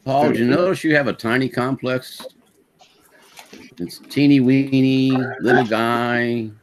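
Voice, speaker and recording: A man's voice: mid-range voice, fairly even intonation, unhurried, background noise. A man calling into a video chat show, teasing another caller. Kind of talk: casual chat.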